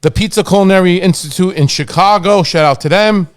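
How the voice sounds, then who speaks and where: A man hosting a podcast, giving easygoing sponsor shout-outs in casual chat. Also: sits high, fairly quick, smooth. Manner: easygoing, reads sponsor plugs. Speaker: podcast host.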